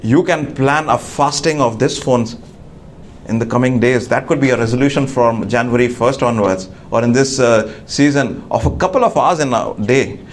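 A man preaching a sermon to a congregation, halting with many fillers and restarts. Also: medium pitch, slight background noise. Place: church.

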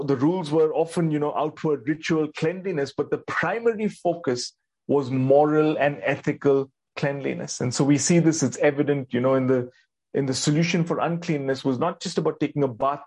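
A man delivers a sermon in a slightly raised, husky voice. He preaches earnestly, asks his listeners questions and repeats lines for emphasis. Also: a little high, a little mellow. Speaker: pastor.

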